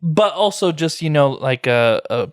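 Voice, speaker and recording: A man co-hosts a casual podcast chat with blunt, joking remarks. His voice sits at a middle pitch and sounds close and dry. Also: animated, a little slow, dry recording. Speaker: podcast co-host.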